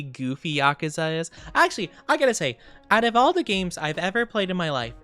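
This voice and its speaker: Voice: mid-range voice, bright, forceful tone, clear, resonant tone. A live streamer in casual chat with viewers, rambling and thinking aloud with lots of fillers.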